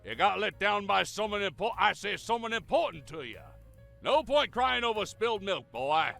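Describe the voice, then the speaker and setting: A loud old cartoon rooster with a put-on Southern drawl, who lectures and stammers out "I say, boy". The voice is high and swooping, gravelly and bright, with faint music underneath. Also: expressive, moderate pace, heavily acted. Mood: blustering. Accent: American Southern (put on). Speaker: viewer's submitted impression clip.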